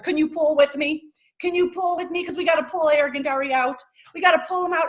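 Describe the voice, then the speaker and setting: Animated high-voiced woman telling a class story. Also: brisk. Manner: animated, dramatic, coaxing children to join in. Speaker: teacher. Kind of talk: storytelling to young children on a video call.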